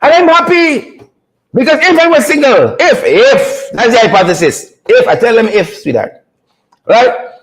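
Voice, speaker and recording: High-voiced man, comedic host. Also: poor audio. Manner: animated, preacher-like teasing with drawn-out punchlines. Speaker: show host. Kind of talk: comedic commentary.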